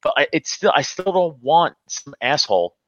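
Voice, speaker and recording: A man's voice: a little high, very animated, moderate pace, fairly bright tone, highs cut off, slight background noise. A man telling rambling stories in casual chat, full of restarts and filler words. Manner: rambling storyteller, many restarts and "like". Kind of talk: casual banter.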